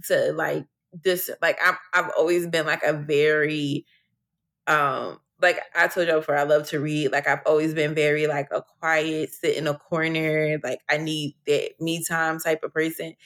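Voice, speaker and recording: A man, a podcast co-host, speaking reflectively and haltingly in a casual chat, laughing easily. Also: a little high, little pitch movement, a bit bright.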